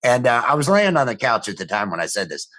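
A man's voice: mid-range voice, big pitch swings, fast talker, bright, forceful tone. A middle-aged man co-hosting a podcast, telling rambling, profane family stories in casual chat with lots of restarts. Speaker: podcast co-host.

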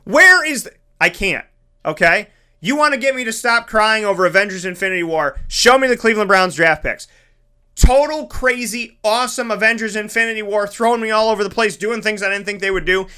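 Male entertainment host, high bright voice, animated and emphatic casual monologue. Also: fairly quick, clean tone. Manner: animated, emphatic, dramatic voice swings. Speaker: broadcaster and entertainment show host.

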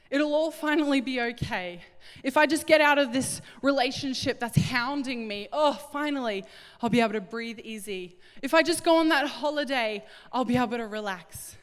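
A middle-aged woman preaching a sermon, animated and acting out little scenes in different voices. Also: fairly high pitch, clean tone. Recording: echoey hall with long reverb.

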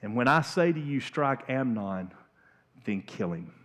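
A man voicing a calm, scheming older brother giving steady commands, in a sermon retelling. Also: medium pitch, unhurried, big-room sound. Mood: commanding.

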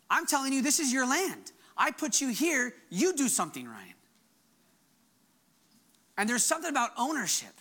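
A male pastor preaching a conversational sermon, breaking off and restarting his sentences and jumping up high when he acts out quoted lines. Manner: animated, voice jumps high when acting out quotes; conversational, self-interrupting.

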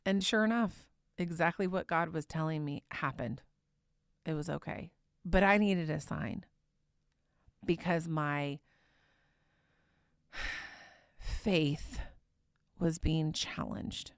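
A woman preacher telling a personal story in a sermon, candid and conversational, sometimes dropping to a hushed tone. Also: deep voice, takes it slowly, pauses often, clear, resonant tone, dry recording, clean studio sound.

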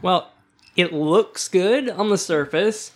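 A man joins a casual chat as a guest. He speaks in a dry, understated way. His voice is notably high for a man. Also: slow pace.

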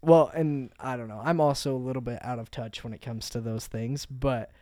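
A man co-hosting a podcast, chatting casually, easygoing and quick to laugh. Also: medium pitch, steady tone, mellow, no echo, clean studio sound. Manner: easygoing, laughs often, trailing filler words. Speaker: podcast co-host. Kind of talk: casual chat.

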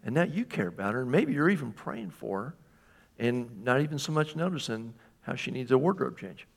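A man's voice: mid-range voice, very animated, fairly quick, creaky. Conversational male pastor preaching. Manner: conversational, asks the congregation questions. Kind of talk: sermon.

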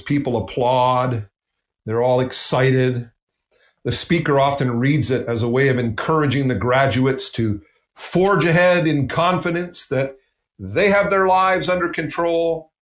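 A man's voice: mid-range voice, reverberant. A man from the United States preaching a sermon in an earnest, emphatic way, repeating phrases for stress.

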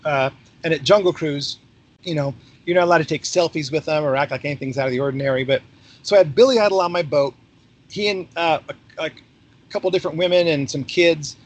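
Brief: middle-aged male guest, husky and slightly high, animated raconteur who acts out quotes. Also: fast talker. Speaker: podcast guest, former theme park ride skipper. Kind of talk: casual storytelling interview.

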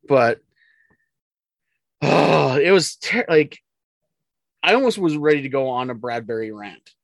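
A man's voice: medium pitch, animated, a little slow, creaky, no echo. A man co-hosting a podcast, giving opinionated, joking takes on football in casual chat, often restarting his words. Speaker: podcast co-host.

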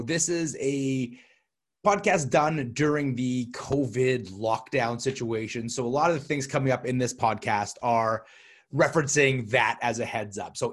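A man's voice: mid-range voice, slightly rough. A man hosting a podcast, talking in a loose, upbeat, chatty way to his listeners. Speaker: podcast host. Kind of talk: casual podcast intro.

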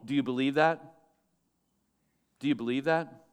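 A male pastor preaching a sermon with lively swings between loud, emphatic lines and hushed, low asides. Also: unhurried, long pauses, smooth.

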